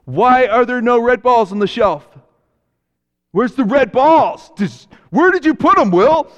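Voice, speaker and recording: A man's voice: very high-pitched, lively intonation, measured pace, a bit bright, in a large hall, dull audio, pitched above the performer's own voice, full character voice. A man doing Desire, demanding and sulky. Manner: demanding, whiny.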